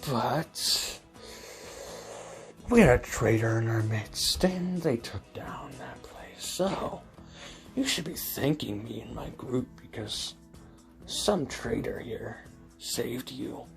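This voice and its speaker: A man voicing a cruel, mocking young male villain in a low, hissing half-whisper. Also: lively intonation, slow pace, creaky, faint music behind, exaggerated voice. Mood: menacing.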